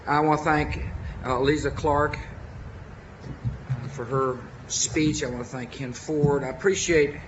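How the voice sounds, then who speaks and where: A man with a Texan accent giving a formal memorial speech as president, earnest and measured, with deliberate pauses. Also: fairly high pitch, fairly even intonation, muffled recording, background noise.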